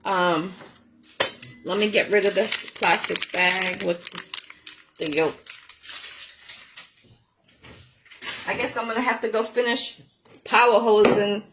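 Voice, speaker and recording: A woman's voice: medium pitch, slow pace, pauses often, background noise. A woman hosting a home cooking show, chatting in a rambling way with lots of ums while she cooks. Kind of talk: casual chat while cooking. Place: home kitchen.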